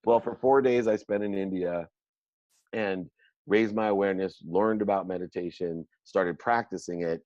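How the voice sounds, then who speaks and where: A middle-aged man, a guest on an interview show, telling his life story in an animated, self-mocking way and acting out the dialogue. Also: sits low, normal speed, no echo. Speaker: guest entrepreneur. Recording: dull lo-fi dry sound.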